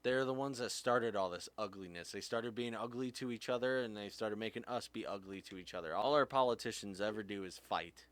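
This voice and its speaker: A man with a low voice rants with heat, his pitch leaping when anger takes over. He swears freely and talks like a podcast host venting. The sound is close and dry. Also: a little fast, hardly any pauses, fairly bright tone, dry recording. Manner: heated, swears often, pitch jumps when angry. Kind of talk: impassioned rant.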